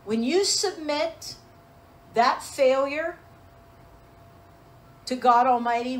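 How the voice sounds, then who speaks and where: High-voiced woman preaching emphatically. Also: unhurried, pauses often, low-quality recording. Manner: emphatic preaching, rhetorical questions. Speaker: pastor. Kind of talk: sermon.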